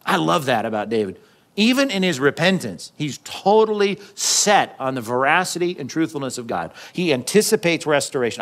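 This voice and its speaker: A man preaching a sermon, talking to the congregation in a relaxed, conversational way. His voice sits a little on the high side for a man. He acts out the quotes he reads and drops in jokey asides. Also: moderate pace. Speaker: pastor.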